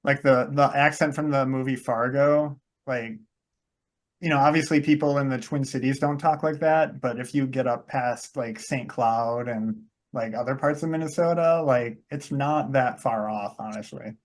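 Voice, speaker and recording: A man's voice: medium pitch, steady tone, moderate pace. Wisconsin man musing on a podcast. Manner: thoughtful, heavy use of "like", self-correcting. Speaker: podcast host. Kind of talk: casual chat.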